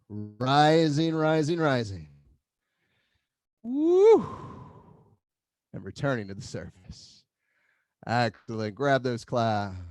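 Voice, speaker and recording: Male tai chi instructor, unhurried cues with an animated lilt, dry room sound. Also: fairly high pitch, dry recording. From Philadelphia area. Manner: calm cueing with playful whoops. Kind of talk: guided online movement class.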